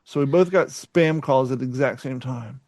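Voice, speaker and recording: A man's voice: mid-range voice, normal speed, a little mellow, no echo. A man from Kentucky co-hosting a casual podcast, rambling, laughing often and swearing freely. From Kentucky, USA. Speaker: podcast co-host.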